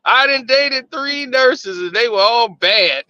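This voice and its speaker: A man's voice: very high voice, lively intonation, slow pace, pushed and bright, lo-fi sound. A man co-hosting a podcast, telling dating stories in casual chat. He laughs often and acts out quoted dialogue. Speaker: podcast co-host.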